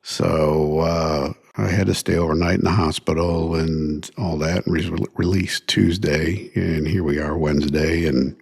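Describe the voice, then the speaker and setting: A deep-voiced, gravelly middle-aged man with a drawl, talking slowly in a husky tone. He sounds tired and sore after surgery and wanders through his story with plenty of ums and uhs. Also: fairly even intonation, a little mellow. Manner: rambling, many fillers, retells dialogue. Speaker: podcast host. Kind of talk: casual first-person storytelling.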